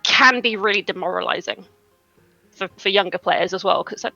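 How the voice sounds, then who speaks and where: A woman guest in a casual round-table chat, self-deprecating and quick to laugh. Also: medium pitch, vocal fry, sharp tone, highs cut off, faint music behind.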